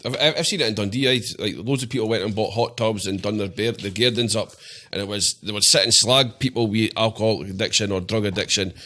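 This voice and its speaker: Scottish male podcast guest, rapid, sweary, anecdote-heavy, acts out quoted voices. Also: on the low side, bright, forceful tone. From Scotland. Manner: swears freely, tells stories acting out quoted voices. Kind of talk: casual chat.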